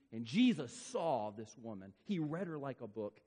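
A man preaching a sermon as pastor, emphatic and repetitive, stretching key words out slowly for effect. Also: mid-range voice, big pitch swings, mellow, breathy edge. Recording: long reverb of a large hall.

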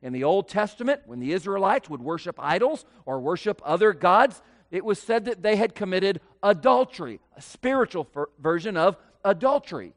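A man preaching a sermon as pastor, slow and emphatic with dramatic pauses. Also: high-pitched, sing-song.

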